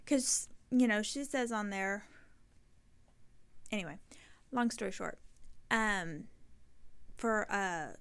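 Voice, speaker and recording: This knitting podcast host rambles chattily to camera, correcting herself mid-sentence as she goes. Her medium-pitched voice is a bit bright, clear, and resonant, and she talks slowly with long pauses.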